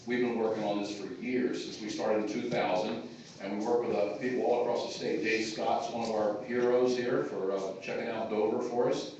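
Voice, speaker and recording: A taxpayers' group chairman gives an informal, rambling speech full of filler words, his low-ish voice steady, mellow and moderately paced. A phone in the audience picked him up from afar in an echoey hall, so the sound is muffled with slight background noise.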